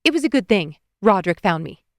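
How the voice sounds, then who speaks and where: A woman's voice: medium pitch, very animated, fast talker, no room sound, studio quality. A woman voicing a secretive woman herbalist who snaps when cornered and then apologizes, in an audiobook. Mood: earnest.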